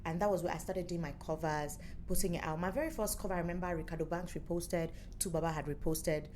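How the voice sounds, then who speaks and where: A young Nigerian woman tells her story in a relaxed interview and acts out what other people said. She talks in a playful, animated way. A faint hiss sits under her voice. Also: lowish voice, fast talker. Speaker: musician and former radio presenter, interview guest.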